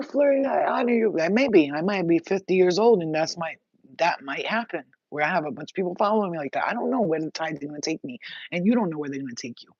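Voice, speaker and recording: A woman's voice: sits low, slightly rough, dry recording. Intense blunt woman giving spiritual messages. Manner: intense, blunt, swears freely. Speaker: spiritual reader. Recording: dull, dry lo-fi sound.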